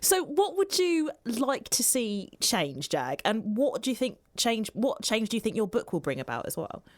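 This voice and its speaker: Woman hosting radio, fairly high voice, quick soft questions, dry studio. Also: big pitch swings, no room sound. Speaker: radio presenter.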